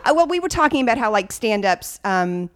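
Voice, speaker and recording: A woman's voice: a little high, big pitch swings, a little fast. A woman guest comedian telling a story in casual podcast chat, acting out the voices of the people in it.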